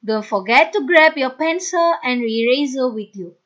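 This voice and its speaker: A woman's voice: high voice, expressive, moderate pace, fairly bright tone. A woman teaching a phonics lesson to children, sounding out letters one by one, repeating each word and praising the students. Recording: dull lo-fi recording.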